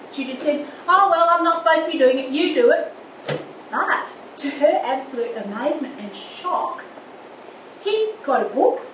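An older woman teaching a church marriage course, earnest and storytelling, acting out little quotes. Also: high-pitched. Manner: earnest, with lively anecdotes and acted quotes. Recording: echoey room, distant mic, background noise.

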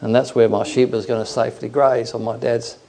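A man's voice: medium pitch, little pitch movement, fairly quick, gravelly, warm tone, slight background noise. A middle-aged man preaching a sermon, telling stories and acting out animal noises and other voices. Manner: storytelling, acts out animal sounds and voices. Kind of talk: sermon with anecdotes.

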